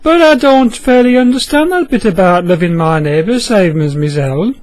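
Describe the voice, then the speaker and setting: A man's voice: high-pitched, expressive, normal speed, a little mellow, no echo. A man with a Yorkshire accent voicing a sheepish, questioning lawyer in a told story. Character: awkward heckling lawyer, a grown man.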